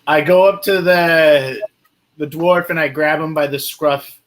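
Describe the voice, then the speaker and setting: A man's voice: fairly high pitch, fairly even intonation, unhurried, rough recording. A man playing a tabletop game, casual and a bit distracted, with fillers. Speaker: player.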